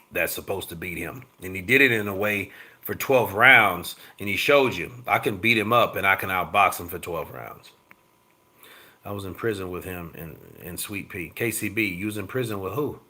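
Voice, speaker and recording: A man hosting a casual boxing show, reading viewer comments aloud and swearing freely as he jumps between loud outbursts and low mutters. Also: breathy edge. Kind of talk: casual live-chat commentary.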